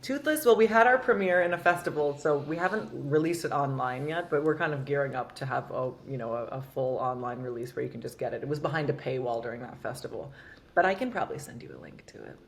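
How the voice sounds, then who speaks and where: A woman's voice: extremely low pitch, fast talker, a little hiss or hum. A woman actor talking as a podcast guest, candid and rambling with lots of filler words. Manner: candid, rambling, heavy use of "like". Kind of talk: casual interview chat.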